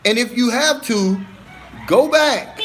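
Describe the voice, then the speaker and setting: A man's voice: very high voice, lively intonation, slow, fairly bright tone. A middle-aged man hosting a casual live stream, reading viewer comments aloud and answering them in an earnest, emphatic way, often calling viewers "man" and "brother".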